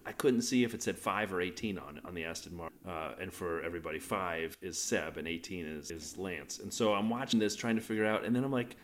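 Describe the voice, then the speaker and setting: A man's voice: sits low, a little fast, hardly any pauses. A man co-hosting a podcast, chatting casually through a race recap and jumping from moment to moment. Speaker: podcast co-host.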